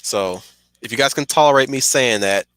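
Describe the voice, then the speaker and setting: A man's voice: mid-range voice, normal speed, fairly bright tone, clear, resonant tone, dry recording. A man streaming a casual, rambling film commentary, stuttering and restarting his sentences often.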